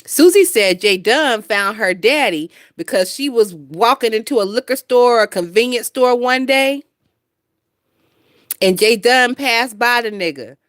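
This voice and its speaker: This gossip channel host, a woman in her twenties, runs a laid-back livestream where she reads out viewer comments, swears freely, laughs often and comes across as brash. Her fairly high voice has lively intonation, moves a little slowly and sounds a bit bright. The recording is dry and studio-clean.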